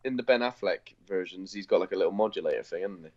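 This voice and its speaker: A man's voice: deep voice, fast talker, darkish tone, muffled recording. A man with a Bristol accent co-hosting a podcast, rambling and teasing in casual chat. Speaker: podcast co-host.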